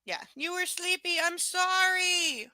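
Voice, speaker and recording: A woman with a high, bright voice hosts a casual livestream from home. She drifts between cooing baby talk at her dog and dry sarcasm about the book. The sound is close and dry. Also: takes it slowly, no echo, low-quality recording. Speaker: livestream reader and host.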